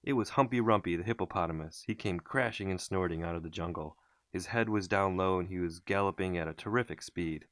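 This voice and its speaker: Deep-voiced man reading a storybook. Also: no echo, clean studio sound. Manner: expressive, unhurried storytelling. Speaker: storybook reader. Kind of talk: reading a children's book aloud.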